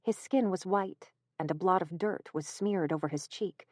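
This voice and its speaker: Lady reading a spooky audiobook, steady and measured, low-ish voice, totally dry close mic. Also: dry recording. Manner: measured, even storytelling. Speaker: audiobook narrator. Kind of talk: scripted narration.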